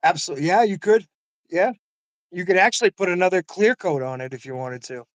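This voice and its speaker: A man's voice: sits high, fairly quick, no echo. An older man in casual conversation, telling stories earnestly with frequent "you know what I mean" asides. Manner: laughs often. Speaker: host.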